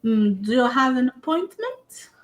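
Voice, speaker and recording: A woman's voice: sits high, sing-song, voice pushed up. A woman voicing a stern, no-nonsense older female receptionist in a tabletop game, curt and dismissive. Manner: curt, dismissive, drawn-out "hmm".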